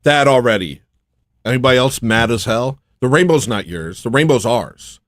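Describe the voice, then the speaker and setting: A man's voice: mid-range voice, animated, moderate pace, fairly bright tone, dry recording. A man hosting a casual livestream, ranting and mocking in a brash, loose way. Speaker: livestream host.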